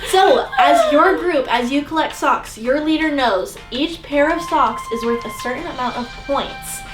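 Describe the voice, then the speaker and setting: A woman's voice: sits high, normal speed, echoey room, distant mic, over music, poor audio. Bubbly young woman making announcements. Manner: bubbly, playful. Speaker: youth group leader. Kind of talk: upbeat announcements.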